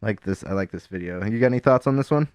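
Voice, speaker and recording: A man co-hosting a casual music podcast, talking in a rambling, halting way with many restarts and fillers. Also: lowish voice, darkish tone, clean tone, dry recording, studio quality. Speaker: podcast co-host. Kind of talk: casual chat about music.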